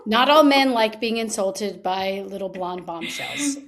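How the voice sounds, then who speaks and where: A woman's voice: medium pitch, measured pace, background noise. A woman co-hosting a leadership podcast, playful and sarcastic in casual chat, swearing freely. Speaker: podcast co-host.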